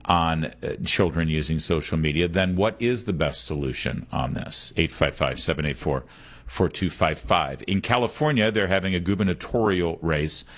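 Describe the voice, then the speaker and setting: A man hosting a talk radio show, giving opinions in a conversational way and repeating the call-in number. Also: low-pitched.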